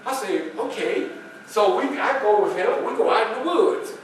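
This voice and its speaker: With a high, expressive voice at a moderate pace, a man portrays a historical character in a library meeting room. He narrates folksily in first person, quizzes the audience and plays the others in his story. The echoey sound comes from a faraway camera, with slight background noise.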